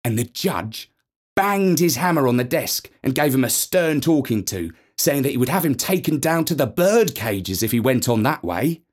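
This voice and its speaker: A man's voice: mid-range voice, expressive, moderate pace. Man reading a playful storybook. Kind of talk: storybook narration.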